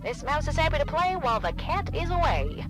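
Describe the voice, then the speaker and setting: A woman's voice: high-pitched, sing-song, brisk. An actress voicing a seasoned female hacker with a Southern accent, talking in a drawling, folksy way. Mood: wry. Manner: drawling, folksy turns of phrase. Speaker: game character, veteran hacker. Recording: game voice line over loud music.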